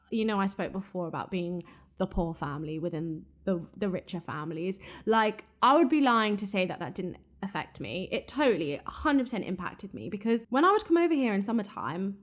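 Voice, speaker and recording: Young woman hosting a podcast, candid and chatty, mid-pitched, relaxed solo talk. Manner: candid, chatty, frequent "like" fillers. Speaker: podcast host.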